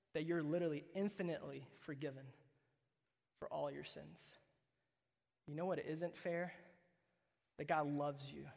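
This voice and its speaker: A man preaching a sermon as pastor, conversational and emphatic, often asking "right?" as he talks. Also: a little high. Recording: reverberant hall.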